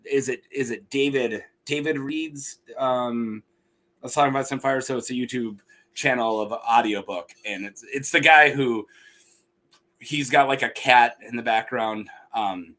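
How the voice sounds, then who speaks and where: A man's voice: mid-range voice, measured pace, a bit bright. A young man hosting a casual podcast chat, rambling and laughing often as he mimics voices. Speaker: podcast host.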